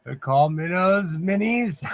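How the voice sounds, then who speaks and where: Chatty guy from california hosting a livestream, bit high voice, laughs easy. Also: bright, forceful tone, no echo. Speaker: host. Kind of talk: casual livestream chat.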